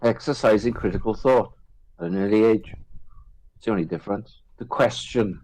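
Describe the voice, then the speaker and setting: A man in casual chat, rambling with halting restarts. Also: on the low side, a little mellow, poor audio.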